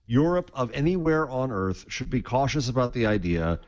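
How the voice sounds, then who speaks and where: A man's voice: mid-range voice, big pitch swings, normal speed, a little mellow, no echo, dull audio. A man co-hosting a casual tech panel chat, giving indignant, emphatic opinions over a laptop mic. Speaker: co-host.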